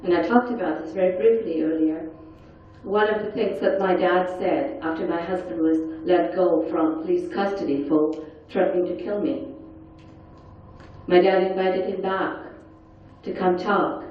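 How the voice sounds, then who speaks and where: A woman speaker at a conference panel, telling her own story in an earnest, quiet and intense way. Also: fairly low pitch, steady tone, moderate pace. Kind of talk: personal testimony talk. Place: large conference hall. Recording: echoey, dull hall sound from far off.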